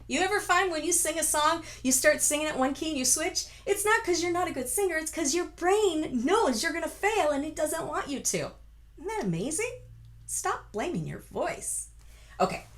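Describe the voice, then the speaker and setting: A woman's voice: high-pitched, very animated, normal speed. A woman vocal coach from the United States giving a chatty, encouraging singing lesson, breaking into full-voiced sung examples.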